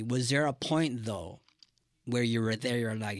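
A man's voice: mid-range voice, a little slow, no room sound. A male interviewer with a mid-range voice keeps the chat loose and friendly, cheering his guest on with easy slang. The recording is dry and close. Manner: relaxed, encouraging, uses slang.

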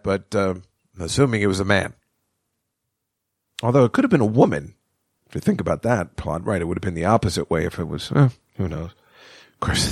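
A middle-aged man with a medium-pitched, fry-tinged voice rambles through a casual solo podcast monologue. He swears freely and laughs at his own jokes, recorded close and dry with no room sound.

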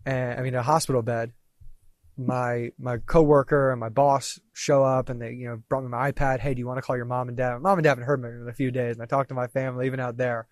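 A man in his thirties tells a story as a podcast guest, casual and animated. He swears freely and acts out quoted lines as he goes. The sound is dry and close. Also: medium pitch, fast, no echo.

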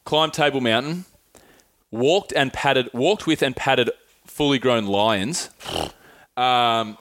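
A man co-hosting a casual travel podcast chat, an excited storyteller who swears freely. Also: mid-range voice, takes it slowly. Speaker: podcast co-host.

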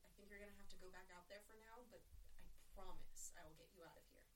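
A woman's voice: mid-range voice, fast, recorded from a distance, noisy background, pitched below the performer's own voice, natural voice. A woman playing a brash, protective female alien rogue, stammering when caught off guard and firm when she makes promises. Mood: determined.

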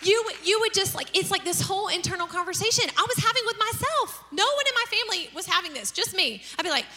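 A woman pastor giving a sermon, telling lively family stories and acting out their lines. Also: extremely high pitch, fast, few pauses. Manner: storytelling with acted-out family dialogue and humor. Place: church hall. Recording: long reverb of a large church hall.

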